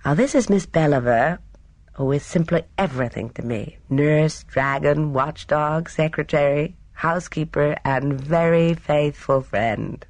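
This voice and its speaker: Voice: medium pitch, a little slow, no room sound, lightly acted. A reader voicing a sweet-voiced, affectionate elderly lady in an audiobook. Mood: fond, gently pleading. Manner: gentle, soft-spoken, breathy laughing lilt. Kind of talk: audiobook character reading.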